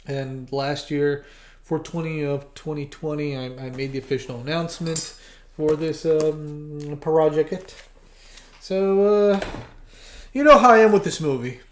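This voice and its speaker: A livestream host who animates talks casually to viewers, stumbling over words and restarting sentences. The voice sits at a middling pitch. It rings in a roomy, echoey space. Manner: halting, stammering with many restarts. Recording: roomy echo.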